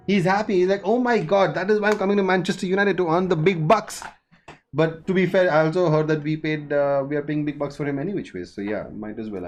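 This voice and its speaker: A man commentates his football management game in a loose, chatty way, haggling aloud with the in-game players over fees and wages. His voice sits at an ordinary middle pitch, with faint music playing underneath. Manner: chatty, bargains out loud with game characters. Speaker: gaming streamer.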